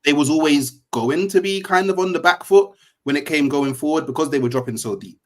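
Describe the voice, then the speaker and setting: A man's voice: on the high side, brisk. A man giving casual football analysis as a panelist, hesitant with restarts.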